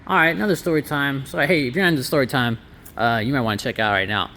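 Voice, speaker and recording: A man's voice: mid-range voice, fast talker, bright, forceful tone. A man who owns a laundromat, talking casually through a walkthrough vlog with sarcastic asides. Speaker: laundromat owner. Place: inside a laundromat.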